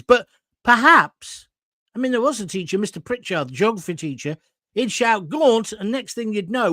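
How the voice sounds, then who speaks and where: A man's voice: high-pitched, fairly bright tone, no room sound. A man, hosting an online talk show and chatting casually through viewer comments in a blunt, jokey way with crude asides. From England.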